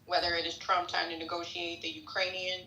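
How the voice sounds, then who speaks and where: Brief: opinionated woman podcast co-host with a lowish, bright voice in an echoey room. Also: level tone, a little fast. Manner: opinionated, rambling. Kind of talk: political podcast discussion.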